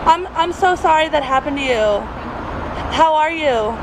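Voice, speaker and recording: Female street reporter, very high voice, loud eager questions, outdoor traffic. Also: animated, a little slow.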